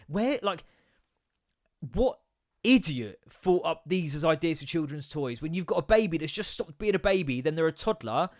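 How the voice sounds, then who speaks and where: A man in his thirties hosting a solo comedy podcast, ranting and swearing with self-mocking asides. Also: sits high.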